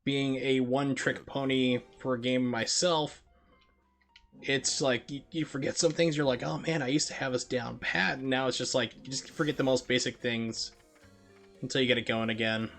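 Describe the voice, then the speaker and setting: A man's voice: mid-range voice, steady tone, moderate pace, a bit bright, soft background music. A young man chatting casually and rambling while he plays through a speedrun on a live stream. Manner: rambling, heavy on "like" fillers.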